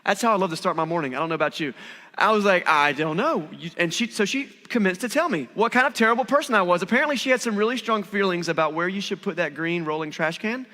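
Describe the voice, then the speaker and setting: A man in his thirties preaching a sermon, telling stories with lively acted-out quotes. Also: high voice. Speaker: pastor. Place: church hall. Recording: long church hall reverb.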